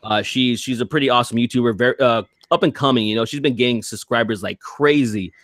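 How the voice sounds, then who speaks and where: A man's voice: mid-range voice, fast, fairly bright tone, no room sound, clean studio sound. A man hosting a casual podcast, rambling and crude, with frequent restarts and laughter. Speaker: podcast host.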